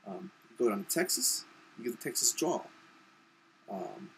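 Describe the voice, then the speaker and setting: A man's voice: lowish voice, big pitch swings, a little fast, creaky, a bit bright, a little hiss or hum, low-quality recording. Rambling young man from Montana. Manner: rambling, lots of ums and you-knows. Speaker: video blogger. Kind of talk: casual reply vlog.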